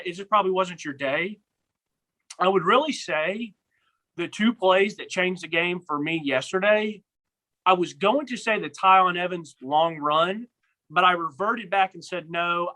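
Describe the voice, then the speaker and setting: A man's voice: high voice, pushed and bright, low-quality recording. A young man co-hosting a casual sports podcast, rambling with many restarts and repeated words. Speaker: podcast co-host.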